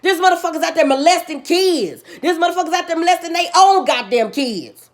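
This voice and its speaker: Speaking fairly quickly and with animation, a woman vlogger delivers a fiery, swear-filled rant. She preaches and repeats herself for emphasis, her energy swinging between loud eruptions and quieter, low passages.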